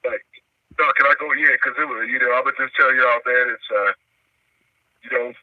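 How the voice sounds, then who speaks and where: A man's voice: medium pitch, fairly even intonation, moderate pace, no room sound. A man hosting a live stream, telling a story in a rambling, slangy way with frequent laughs, in casual chat. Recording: tinny phone line, distant from mic.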